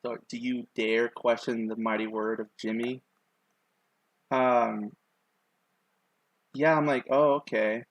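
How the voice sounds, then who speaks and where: A man's voice: medium pitch, level tone, takes it slowly, long pauses, dry recording, low-quality recording. A young man streaming while he draws, telling a long story in a loose, rambling way with lots of fillers. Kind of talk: casual chat while drawing.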